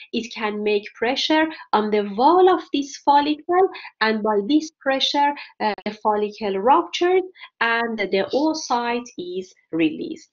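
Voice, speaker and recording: Slow, deliberate woman lecturing on a dull recording. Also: fairly high pitch. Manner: slow and deliberate, with frequent pauses and fillers. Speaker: anatomy lecturer. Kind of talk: recorded lecture over slides.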